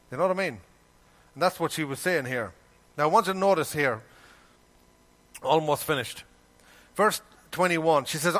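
A male preacher with a fairly high voice delivers a sermon with emphasis. He keeps asking his listeners rhetorical questions and slips into the voices of the people he quotes. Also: lively intonation, normal speed, pauses often, a bit bright.

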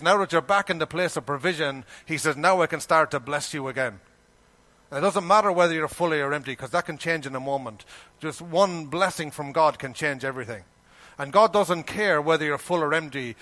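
A man's voice: a little high, sharp tone. A man preaching a sermon, emphatic, asking the listeners rhetorical questions and acting out the people he quotes. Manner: acts out quoted voices.

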